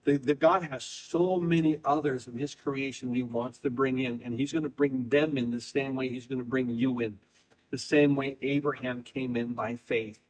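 A man preaching a sermon, emphatic and repetitive, reading scripture aloud and swinging between quick bursts and slow, drawn-out phrases. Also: medium pitch, steady tone, darkish tone, poor audio. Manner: emphatic preaching, speeding up and slowing down, repeating phrases. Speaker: pastor.

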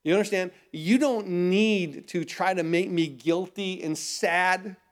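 High-voiced man preaching a sermon. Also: takes it slowly. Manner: preaching with rhetorical questions and repeated phrases. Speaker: pastor.

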